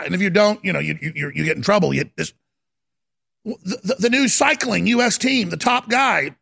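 Male talk host, bright and forceful, high-pitched fiery rant with lots of shouting and stammering. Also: normal speed, vocal fry. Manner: swings between yelling and low muttering. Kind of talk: ranting talk radio monologue.

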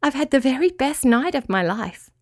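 A woman voicing a tiny, cheerful female spider in a storybook, bright and eager. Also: high voice, expressive, moderate pace, voice pushed up.

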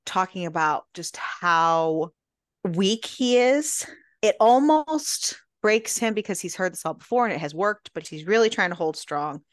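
A woman's voice: fairly low pitch, no echo, clean studio sound. A woman co-hosting a casual book-club podcast, animatedly retelling scenes and acting out the characters' lines. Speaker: podcast co-host.

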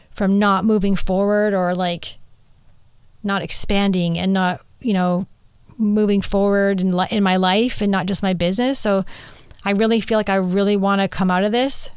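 A woman's voice: mid-range voice, clean tone, dry recording. A woman hosting her own podcast, talking candidly and earnestly in a rambling way, full of fillers and restarts. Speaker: podcast host and medium. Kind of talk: candid personal monologue.

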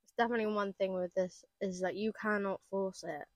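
A woman, a guest chatting casually on a podcast, bubbly and quick to laugh, swearing casually. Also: medium pitch, fairly even intonation, dry recording. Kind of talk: casual chat. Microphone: podcast mic.

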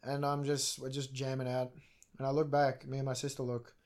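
A young man co-hosting a podcast, telling stories in casual chat with lively, sweary delivery. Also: mid-range voice, fairly quick. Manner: animated storytelling with swearing. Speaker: podcast co-host.

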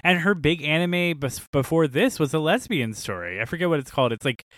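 A man's voice: fairly high pitch, fairly quick, no room sound. Laughing young man telling a story. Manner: animated storyteller, laughs often. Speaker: podcast co-host. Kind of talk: casual chat.

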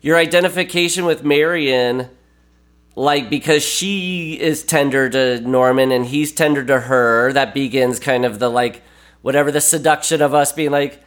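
A man talking casually as a podcast guest, rambling and animated, with many fillers and restarts. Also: medium pitch, normal speed. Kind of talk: casual film discussion.

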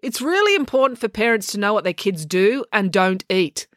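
A woman's voice: medium pitch, sing-song, moderate pace, no echo, studio quality, voice pushed up, natural voice. A woman voicing an earnest, slightly clueless young boy who hesitates as he talks.

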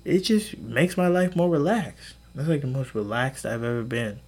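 A young adult man hosts a podcast, delivering a casual, rambling monologue at a moderate pace with hardly any pauses. His husky voice jumps high in disbelief, and he swears freely.

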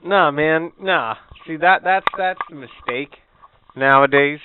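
A man co-hosting a casual podcast, excitable and profane, often cutting in. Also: fairly high pitch, takes it slowly, noisy background. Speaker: podcast co-host. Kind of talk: casual crude banter. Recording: tinny phone-like sound.

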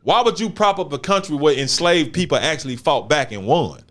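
A man with a fairly high voice hosts a relaxed podcast conversation. His pitch swings widely as he talks, and he drives his points home with a string of rhetorical questions. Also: fairly quick. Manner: animated, asks rhetorical questions. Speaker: podcast host. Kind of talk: casual podcast chat.

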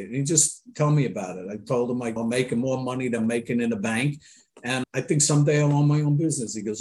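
A man's voice: medium pitch, quick pace, a little mellow. An older man hosting an interview, telling family stories in a folksy, anecdotal way. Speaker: host. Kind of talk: casual interview talk.

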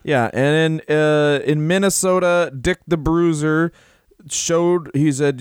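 Guy on a comedy podcast riffing crude stories, smooth voice, dead dry mic. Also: fairly high pitch, slow pace, no room sound. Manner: crude, rambling storytelling with silly put-on voices. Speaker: podcast co-host. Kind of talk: improvised comedy chat.

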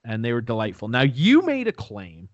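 A man's voice: mid-range voice, wildly swooping pitch, normal speed, no room sound, muffled recording. Rambling young man telling a story. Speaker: podcast co-host. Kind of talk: casual chat.

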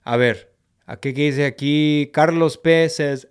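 A man with a slightly high, steady, smooth voice hosts a casual livestream, speaking a little slowly. Reading the live chat, he rambles in a laid-back, slangy way and slips into Spanish.

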